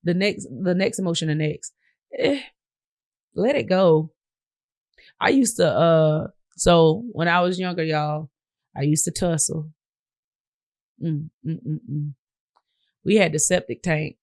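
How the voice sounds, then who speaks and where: A woman's voice: deep voice, slow, pauses often, a little mellow, no echo, studio quality. Southern-drawling woman podcast host. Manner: conversational, addresses listeners as y'all. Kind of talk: casual monologue.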